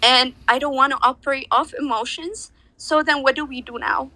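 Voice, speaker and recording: A woman's voice: sits high, steady tone, moderate pace, pushed and bright, poor audio. A tearful woman speaking earnestly in an online audio discussion, grateful and searching for answers. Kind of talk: emotional personal testimony.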